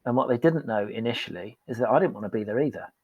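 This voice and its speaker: A man, a performance coach on a podcast, tells candid conversational stories and jokes at his own expense about past work. His mid-range voice is husky and fast with lively intonation. The recording sounds muffled.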